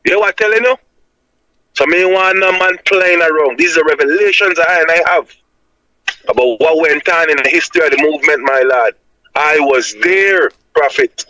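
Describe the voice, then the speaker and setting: A man's voice: a little high, moderate pace, crowd noise, low-quality recording. A Jamaican man calling in to reason, talking in an emphatic, preaching way and tagging "my lad" onto his points. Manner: emphatic and insistent, repeating "my lad" as a tag.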